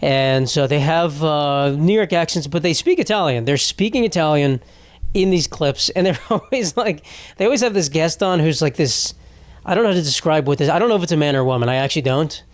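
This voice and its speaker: A man's voice: on the high side, animated, brisk, no room sound. Rambling, profane male podcast host. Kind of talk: casual solo podcast rant.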